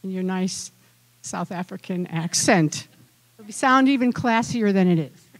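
A woman's voice: mid-range voice, expressive, measured pace. Chatty woman rabbi leading Torah study. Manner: conversational and coaxing, inviting the group to join in. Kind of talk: informal Torah teaching during a service.

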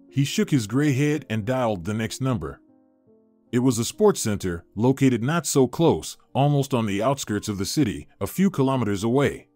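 A man reading a moral story as a measured, steady narrator. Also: mid-range voice. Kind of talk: scripted narration. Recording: dry studio voice-over with soft music. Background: faint music.

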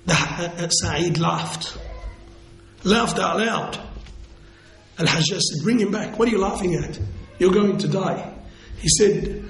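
A male Islamic lecturer telling a story in a lecture, halting and restarting phrases, slowing down for emphatic quotes. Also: high-pitched, a bit bright. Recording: echoey room with faint noise.

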